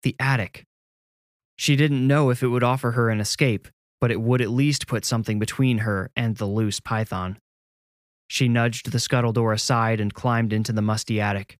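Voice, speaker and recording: A man narrating a scripted horror story in a measured, suspenseful way. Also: mid-range voice, fairly even intonation, no echo, clean studio sound.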